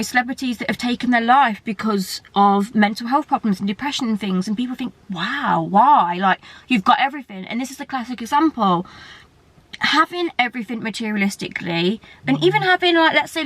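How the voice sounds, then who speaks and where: A woman's voice: mid-range voice, fairly bright tone, no echo. A young English woman talking candidly to camera in a personal vlog, tearful and rambling. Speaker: vlogger.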